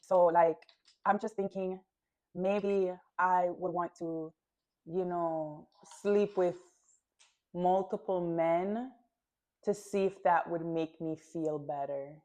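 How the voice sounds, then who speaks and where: A woman's voice: fairly low pitch, fairly even intonation, slow pace, warm tone. A woman hosting a reaction video, talking casually and filling her sentences with "like". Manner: chatty, peppered with "like". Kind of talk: casual commentary.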